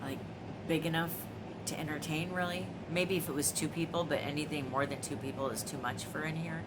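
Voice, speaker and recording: A woman's voice: low voice, fairly even intonation, a little fast, heavy background noise. A woman around forty chatting casually at home for her vlog, rambling with lots of fillers and restarts. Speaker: vlogger. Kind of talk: casual chat. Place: apartment.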